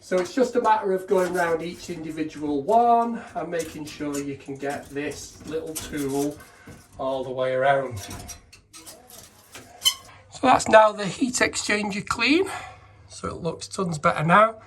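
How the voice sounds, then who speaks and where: A man's voice: a little high, a little slow, a bit bright, slight background noise. Man, gas engineer trainer, casual step-by-step explaining, roomy echo. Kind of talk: hands-on demonstration narration. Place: indoors beside a boiler.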